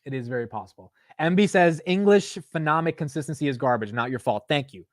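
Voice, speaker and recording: A man's voice: on the high side, animated, quick pace, dry recording, studio quality. A young man hosting a casual stock market livestream, chatting loosely, swearing and laughing at himself while reading chat aloud.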